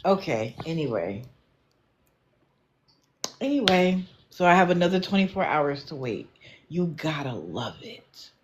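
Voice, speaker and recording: A woman's voice: lowish voice, very animated, normal speed, highs cut off, slight background noise. A woman doing casual livestream commentary, blunt and lecturing, with an exasperated edge. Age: adult, not young.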